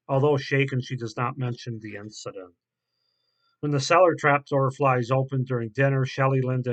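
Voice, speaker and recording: A man reviewing a horror film in a casual, halting way, with many fillers and restarts. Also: medium pitch.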